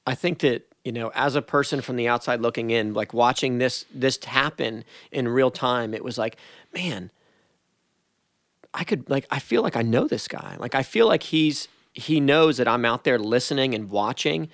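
Gravelly podcast host in a dry room. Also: male voice, mid-range voice, no echo. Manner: relaxed, halting questions with many restarts. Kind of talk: casual podcast interview.

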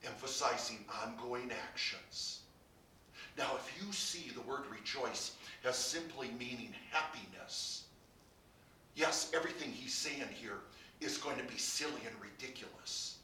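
A man preaching a sermon as pastor, building to emphatic peaks and dropping to quiet, low lines. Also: expressive, takes it slowly, recorded from a distance. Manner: preaching with rising emphasis and soft drops. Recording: roomy, from off the mic.

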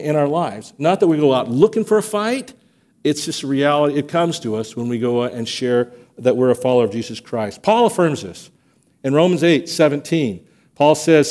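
Lively pastor man preaching. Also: fairly high pitch. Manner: animated storytelling, acts out quotes. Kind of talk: sermon. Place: church sanctuary.

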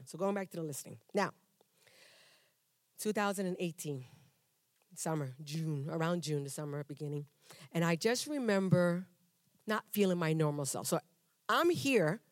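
In church, a member of the congregation shares her testimony at a moderate pace, pausing often, in a lowish voice. She speaks in an animated, conversational way, acting out dialogues with humor and restarting sentences. The recording is dry and close, with no echo.

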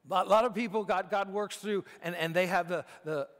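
A man's voice: sits high, brisk, in a large hall. A man preaching a sermon in a conversational way, often restarting his sentences. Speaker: pastor.

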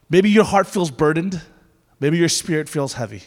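In a reverberant church hall, a male pastor preaches at a moderate pace with a high, sing-song voice. His sermon moves from chatty, playful asides into heartfelt prayer within the sanctuary.

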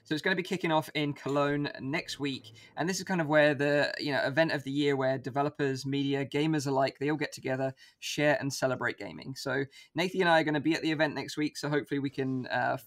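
A man hosting a casual panel chat, relaxed and chatty with many fillers. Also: medium pitch, fast, hardly any pauses. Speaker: podcast host.

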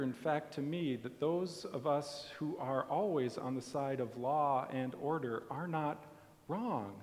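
A man preaching a sermon in a church, telling the story softly and deliberately. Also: on the high side. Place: church sanctuary. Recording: long hall reverb.

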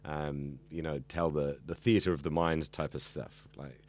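A man's voice: very deep voice, flat delivery, measured pace. A young man who studies radio and hosts an evening show, chatting earnestly in an interview with lots of fillers and restarts. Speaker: radio student and evening radio host. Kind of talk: casual interview chat.

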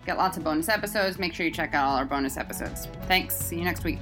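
A woman's voice: fairly low pitch, fast talker, over music. A woman hosting a live talk show, chatty and joking, going off on tangents as she introduces guests. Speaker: podcast host.

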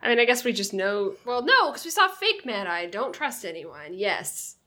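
Woman cohost on a book podcast, bright, sharp-edged voice, short dry comments. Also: a little high, sing-song, moderate pace. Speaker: podcast co-host. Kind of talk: casual book-discussion chat.

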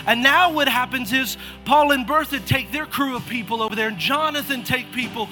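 High-voiced, energetic preaching pastor. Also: male voice, brisk, hardly any pauses, over music. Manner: energetic, calls out churchgoers by name, repeats "come on". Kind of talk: lively sermon to a congregation. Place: church auditorium.

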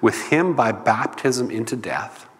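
A man's voice: medium pitch, animated, measured pace, husky, in a large hall. A man preaching a sermon in a loose, conversational teaching manner. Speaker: pastor.

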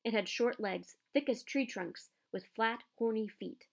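A woman reading a children's novel aloud with expressive storytelling. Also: a little high, a little slow, gravelly. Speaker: narrator. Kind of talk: audiobook narration.

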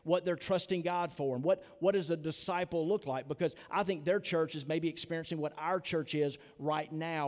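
A pastor delivering an earnest, emphatic sermon full of rhetorical questions. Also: male voice, fairly high pitch, darkish tone, in a large hall. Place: church sanctuary.

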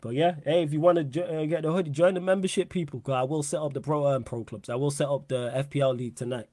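A man's voice: on the high side, fast talker, dry recording. Young guy hosting a live footy stream, loose slangy chat, dead dry mic. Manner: animated, laughing slang-heavy banter, repeats phrases. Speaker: podcast host.

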